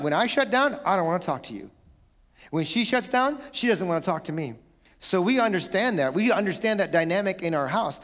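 A man, a pastor, preaching a sermon in a lively, playful way, acting out little scenes from home. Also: high voice, big-room sound. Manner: animated, playful, acts out family quarrels.

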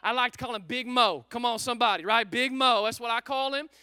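High, bright-voiced pastor preaching. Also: male voice, fairly quick, clean tone. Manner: energetic, repetitive, calls out to congregation. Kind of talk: sermon. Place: church service.

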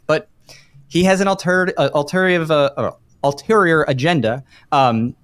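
A man's voice: on the high side, moderate pace, fairly bright tone, clean tone, no echo. A man guest on a podcast speaking emphatically and critically, with many fillers. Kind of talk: casual podcast debate.

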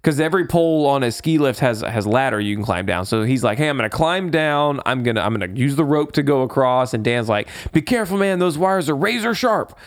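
A man co-hosting a casual podcast, recapping a movie in animated storytelling and swearing freely. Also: medium pitch, fairly quick, hardly any pauses. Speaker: podcast co-host.

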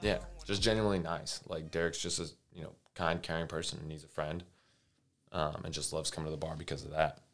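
Podcast co-host, deep-voiced bartender spinning lively anecdotes, faint music under. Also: male voice, a little fast. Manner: animated, acts out dialogue in higher voices, swears freely. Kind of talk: casual storytelling chat.

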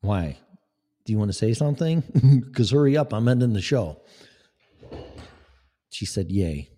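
A man's voice: fairly low pitch, very animated, unhurried, warm tone. A man hosting a live talk show, speaking in a blunt, sarcastic, rambling way. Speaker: podcast host. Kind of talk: casual live-show monologue.

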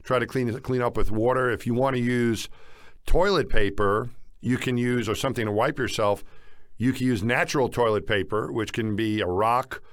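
A man's voice: medium pitch, moderate pace, no echo. A man from the United States chats casually as a podcast co-host. He rambles, restarting sentences and filling gaps with fillers. The recording is dry and close, with no room sound. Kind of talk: casual chat.

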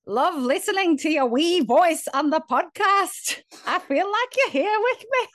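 A woman putting on an Irish accent to voice a chatty woman friend, high and sing-song. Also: lively intonation, a little slow, a bit bright, no room sound, studio quality, exaggerated voice. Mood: affectionate.

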